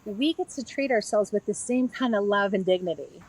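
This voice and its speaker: A woman's voice: medium pitch, a little fast, slightly rough, dry recording, rough recording. A middle-aged woman, a yoga therapist and author, earnestly explaining a practice step by step in a conversational interview.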